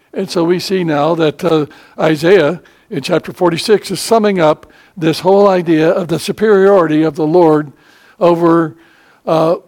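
An older man preaching a sermon as pastor, conversational and emphatic, with frequent pauses to gather his words. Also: a little high, darkish tone. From United States.

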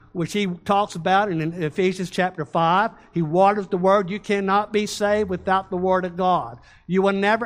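High-voiced man preaching a sermon. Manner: preaching with call-and-response, slowing and rising on key words. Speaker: pastor.

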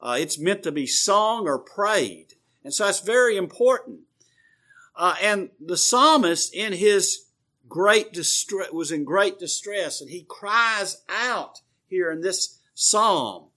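A man preaching a sermon, explaining scripture in a measured, teaching way with frequent pauses and fillers. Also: sits high, lively intonation, sharp tone.

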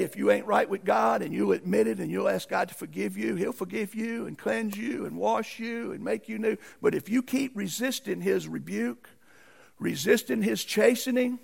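A man's voice: high voice, creaky, slightly rough. A man preaching a sermon, telling stories in a folksy way and rising into emphatic outbursts. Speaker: pastor.

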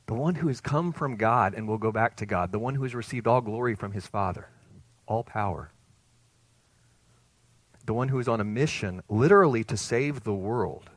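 A man preaching a sermon as pastor, animated, swinging between quiet and loud. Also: fairly low pitch, normal speed, dry recording.

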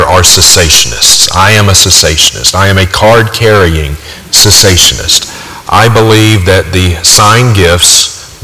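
A man preaching a sermon with forceful, emphatic delivery, repeating his key points for weight. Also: on the low side. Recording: long hall reverb.

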